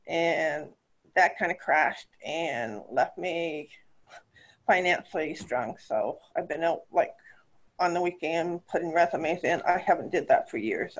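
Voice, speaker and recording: A woman on a group call, sharing her recent struggles in a rambling, emotional way, with laughs between her thoughts. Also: fairly low pitch. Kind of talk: personal sharing.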